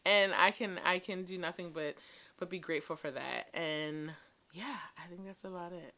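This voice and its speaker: Chatty woman vlogger, slightly low voice. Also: a little slow, sharp tone. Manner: chatty and emotional, many ums and likes. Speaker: beauty vlogger. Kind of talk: casual chat to camera.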